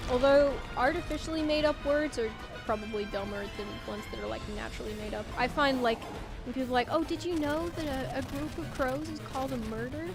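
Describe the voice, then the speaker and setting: A woman game streamer chatting casually on a live stream at home, rambling through opinions and reading chat aloud. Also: high voice. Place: home room.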